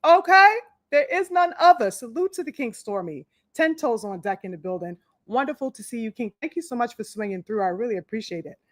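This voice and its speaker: A woman hosts a live podcast in a loose, chatty way, full of "um"s, "you know"s and restarts. Her voice sits in a middle pitch. The sound is dry and close, with no room around it. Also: animated, quick pace, hardly any pauses, darkish tone, dry recording. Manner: chatty, many fillers and restarts, greets viewers by name. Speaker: podcast host. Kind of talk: casual live-stream talk.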